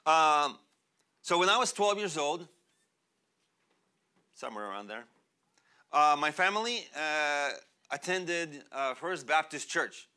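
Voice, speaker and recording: A young man born in Russia, a pastor preaching a sermon in a church, animated and chatty, laughing often and using many fillers. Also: on the high side, slow pace, long pauses, smooth. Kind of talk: sermon with personal storytelling. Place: church sanctuary.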